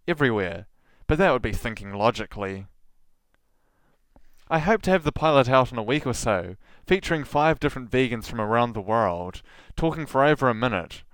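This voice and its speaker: A man's voice: mid-range voice, smooth, no echo. A man hosting a podcast, reading a scripted solo monologue full of sarcastic, mocking asides. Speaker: podcast host.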